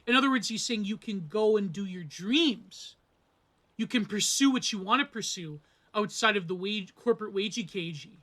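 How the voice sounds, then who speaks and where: A man gives a loose, chatty film analysis, wandering off into tangents and asides before finding his way back. His voice sits high for a man and sounds bright and forward. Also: normal speed. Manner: rambling, digressive, with asides and acted quotes. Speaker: film reviewer. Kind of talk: casual film analysis monologue.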